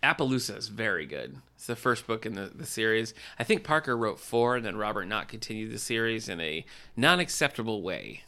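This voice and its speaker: A man's voice: lowish voice, big pitch swings, fairly quick, pushed and bright. A man co-hosting a podcast in casual chat, wisecracking and laughing often. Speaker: podcast co-host.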